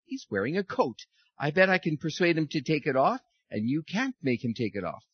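Brief: a gentle, confident sun from a children's fable, read by a man, a touch husky, dull recording. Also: a little high, very animated, moderate pace, dry recording, voice pushed up. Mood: calm. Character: calm confident smiling sun.

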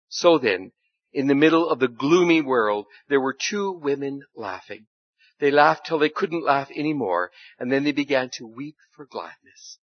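A man reading a story aloud in a church service, with expressive, dramatic delivery. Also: mid-range voice, normal speed, no room sound. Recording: slightly dull, dry recording.

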